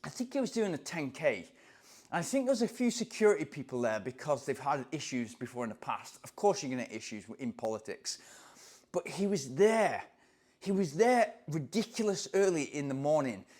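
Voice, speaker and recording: A man from England, a running coach telling a story in an animated, excitable way. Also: fairly high pitch, normal speed. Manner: animated, excitable, acts out voices in anecdotes. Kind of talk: casual storytelling to camera.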